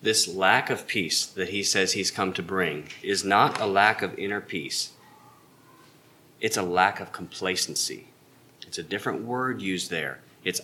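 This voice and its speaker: A man's voice: sits low, a little slow, pushed and bright. A man teaching an evening Bible class, explaining earnestly and emphatically with rhetorical questions.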